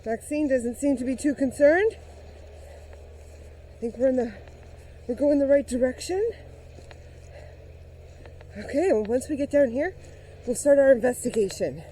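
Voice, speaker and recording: A woman's voice: sits high, lively intonation, a little slow, long pauses, mellow, slight background noise, poor audio. A woman vlogging outdoors on a forest trail, narrating a playful mock-spooky investigation and talking to her dog, a little out of breath. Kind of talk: mock-serious investigation vlog.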